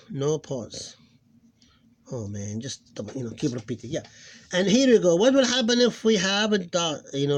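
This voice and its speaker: A man with a fairly high voice leads a relaxed phonics lesson at a slow, unhurried pace. He muses aloud, stops to correct himself, and draws out each example word so it can be heard clearly. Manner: thinks aloud, self-correcting, drawn-out model words. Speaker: Arabic phonics teacher. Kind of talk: informal recorded lesson.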